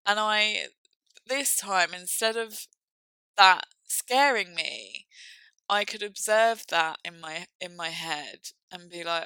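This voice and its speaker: A young woman speaking candidly and reflectively about a personal experience, halting now and then with fillers. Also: on the low side, animated, bright, forceful tone, clean tone, no echo, rough recording.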